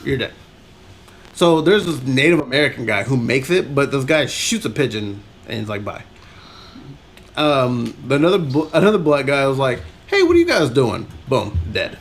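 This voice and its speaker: A man's voice: mid-range voice, lively intonation, normal speed, slight background noise. A man co-hosting a podcast, rambling through a film recap in casual chat and laughing often. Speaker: podcast co-host.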